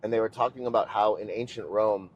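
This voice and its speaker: A man's voice: lowish voice, fairly even intonation, brisk, dull audio. Teacherly man explaining coaching ideas. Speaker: podcast guest, jiu-jitsu coach. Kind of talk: casual chat. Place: inside a car.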